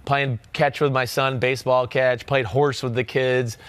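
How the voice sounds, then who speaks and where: A man with a North Jersey accent hosting a casual sports talk show, relaxed and joking. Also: medium pitch, unhurried, clean tone, no echo. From New Jersey. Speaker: podcast host.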